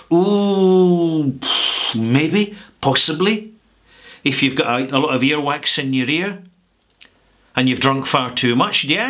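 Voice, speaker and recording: A middle-aged Scottish man holds forth in a chatty, sarcastic vlog rant. He draws out his words for emphasis. His tone is bright and forward. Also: mid-range voice. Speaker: whisky vlogger. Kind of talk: casual rant to camera.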